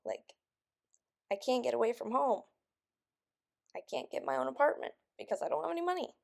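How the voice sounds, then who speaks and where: A woman's voice: sits high, lively intonation, a little fast, vocal fry, darkish tone. A young woman venting in a rambling vlog, frustrated and stressed, sounding close to tears and just woken up. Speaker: vlogger.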